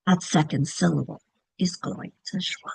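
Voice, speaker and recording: A woman's voice: low voice, moderate pace, gravelly, slightly rough, dry recording, low-quality recording. A woman teacher trainer giving a recorded presentation, explaining step by step, sounding out example words and checking in often.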